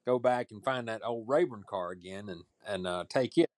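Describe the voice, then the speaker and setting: A man's voice: on the low side, normal speed, no room sound. A man, co-hosting a podcast and teasing his friends in a folksy way. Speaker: podcast co-host. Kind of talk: casual chat.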